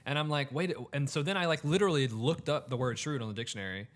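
Chatty man thinking out loud. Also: mid-range voice, expressive, fast. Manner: thinks aloud, heavy use of "like". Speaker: podcast co-host discussing scripture. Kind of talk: casual chat.

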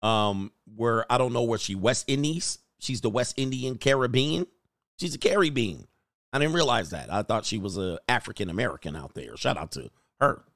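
A man's voice: mid-range voice, expressive, normal speed, fairly bright tone, no echo, clean studio sound. A man hosting a casual reaction commentary, blunt and crude, riffing off clips he plays. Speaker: commentary channel host.

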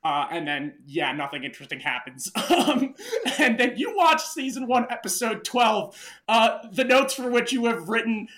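A man co-hosting a casual chat, relaxed, full of fillers and swearing freely. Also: extremely high pitch, moderate pace. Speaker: podcast co-host.

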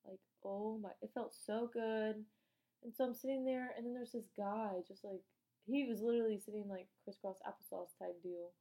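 A woman's voice: medium pitch, moderate pace, poor audio. A woman in her late teens telling a travel story in a casual, profane, slangy way, acting out the dialogue as she goes. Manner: animated, acts out dialogue. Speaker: vlogger.

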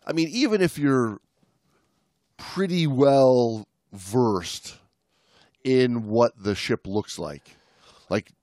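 A man's voice: mid-range voice, drawn-out words, pauses often, no echo, clean studio sound. A man co-hosting a history podcast, chatting loosely and reading a rescue account aloud. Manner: relaxed, with many fillers and restarts. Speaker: podcast co-host. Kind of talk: casual chat and read history narration.

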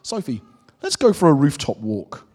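A man's voice: a little high, huge pitch swings, moderate pace, darkish tone. A man voicing a wise and kind talking cat from a children's storybook, explaining patiently. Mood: gentle. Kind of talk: reading a children's storybook aloud. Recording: echoey hall.

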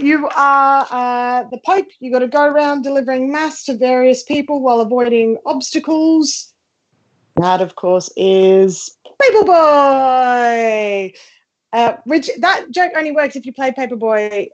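A woman's voice: a little high, highs cut off. A young woman comedian doing a comic show-and-tell over a video call from her front room, chatty and self-mocking, with lots of fillers and restarts. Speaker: comedian guest. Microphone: video call from home.

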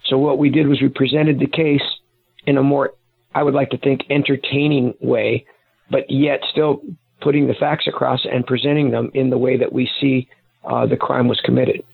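A man's voice: medium pitch, flat delivery, normal speed, creaky, husky, no echo. A man, a guest author and investigator, explaining things at length with some restarts over the phone. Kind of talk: casual interview talk. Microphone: phone call. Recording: tinny phone line.

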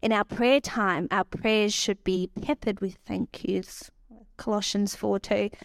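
A woman, preaching a sermon and telling stories with animated quoted voices. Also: mid-range voice, unhurried, vocal fry, no echo, clean studio sound.

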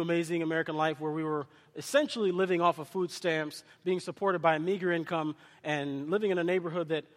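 A man's voice: fairly high pitch, a bit bright, long reverb tail. A man preaching a sermon, born in Kenya and raised in the US with no accent, shifting between impassioned exhortation and personal storytelling. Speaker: pastor.

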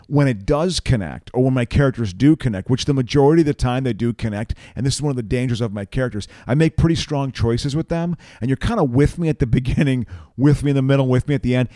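A man's voice: mid-range voice, dark tone, no echo, studio quality. A male comedian in a casual chat who laughs often and talks animatedly.

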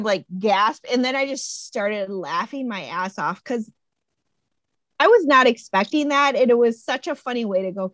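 A woman in casual conversation about a movie, animated, jumping into high-pitched voices when she quotes characters. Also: moderate pace, no echo.

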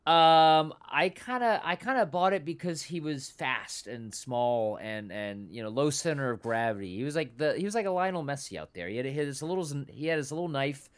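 A man co-hosting a movie podcast in casual chat, talking haltingly with many restarts as he shares fun facts. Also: fairly high pitch, lively intonation, clean tone. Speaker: podcast co-host.

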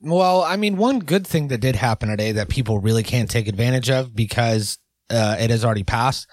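A man's voice: medium pitch, brisk, no room sound. A man hosting a podcast in casual, rambling chat, joking and leaning on fillers. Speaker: podcast host.

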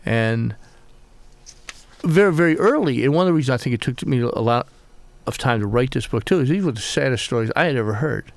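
A middle-aged man from the American South, an author being interviewed, speaking reflectively with many halting restarts. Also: mid-range voice, animated, creaky, no echo. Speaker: author guest. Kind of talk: conversational interview.

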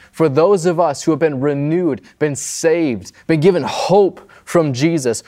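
A pastor giving a casual, conversational sermon, often checking in with the listener. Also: male voice, fairly high pitch, a little mellow. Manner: conversational, often adds "right?".

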